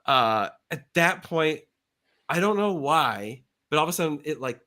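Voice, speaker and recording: Guy, middle-aged, host on a live show, bright higher voice, excitable, acts out every voice in his stories. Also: measured pace, slight background noise. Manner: excitable, acts out quoted voices with big pitch jumps. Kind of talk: animated storytelling on a live show.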